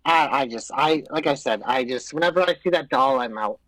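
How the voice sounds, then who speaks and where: A man's voice: medium pitch, a little fast, fairly bright tone, no room sound, low-quality recording. A man co-hosting a casual podcast chat, giving blunt, profane opinions. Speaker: podcast co-host. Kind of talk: casual chat about pro wrestling.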